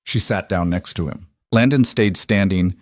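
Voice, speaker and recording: A man narrating a scripted story in a measured, even storytelling manner. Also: sits low, no room sound, clean studio sound.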